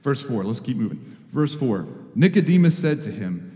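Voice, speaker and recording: A man's voice: medium pitch, big pitch swings, normal speed, warm tone. Male preacher in an echoing hall. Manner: conversational, earnest preaching with sudden emphatic rises. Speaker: pastor. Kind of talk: sermon.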